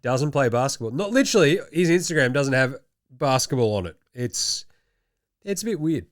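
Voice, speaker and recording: A man's voice: mid-range voice, sing-song, moderate pace. A young Australian man hosting a basketball show, giving casual, jokey commentary and swearing freely.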